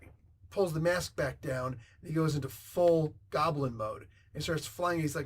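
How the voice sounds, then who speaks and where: A man hosting a comic book review, retelling the story in a rambling, excitable way with sound effects and tangents. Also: on the high side, normal speed, husky.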